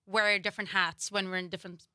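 A woman's voice: medium pitch, steady tone, quick pace, bright, forceful tone, no room sound, clean studio sound. A young woman from Sweden, a singer, chatting upbeat and laughing easily as a radio guest. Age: young adult. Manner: upbeat, laughs often, uses "like" a lot. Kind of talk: casual radio interview. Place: radio studio.

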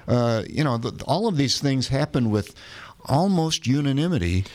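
A man hosting a casual political talk show, speaking haltingly and often repeating words as he searches for his phrasing. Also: mid-range voice, very animated, a little mellow. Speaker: podcast host.

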